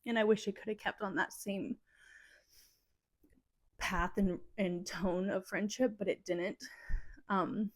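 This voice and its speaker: A woman's voice: mid-range voice, fairly even intonation, slow pace, long pauses. Woman, 30s, podcast host; casual solo monologue, rambling and emotional, filler-heavy.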